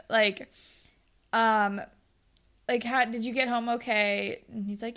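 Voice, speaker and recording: Young woman podcast co-host, a bit high voice, sarcastic play-by-play recap, acts out the lines. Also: a little slow, smooth. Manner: sarcastic, animated retelling with quoted voices. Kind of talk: casual recap chat.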